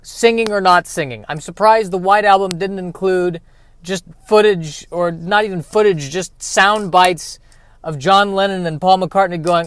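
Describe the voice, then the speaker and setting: A man's voice: high-pitched, measured pace, a bit bright, clear, resonant tone. A man hosting a solo comedy podcast, rambling and sarcastic. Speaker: podcast host.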